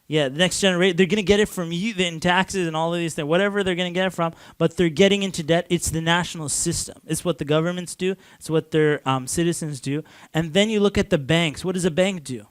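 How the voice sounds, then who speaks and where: A man's voice: fairly high pitch, fast, hardly any pauses, clean tone, no room sound. A man from Canada giving a casual lecture to a class, talking loosely with lots of "like" and restarts and chuckling often.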